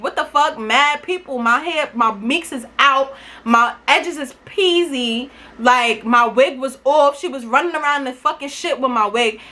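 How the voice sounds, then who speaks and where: High, bright-voiced young woman. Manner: animated, profane, emphatic. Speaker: vlogger. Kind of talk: casual storytime.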